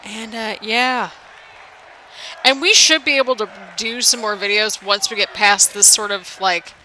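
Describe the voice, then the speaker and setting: A slightly tired young woman hosts a gaming channel, commentating a wrestling video game in a rambling, sing-songy chat. Her mid-range voice is bright and forceful yet unhurried. The recording is low quality with a little hiss or hum.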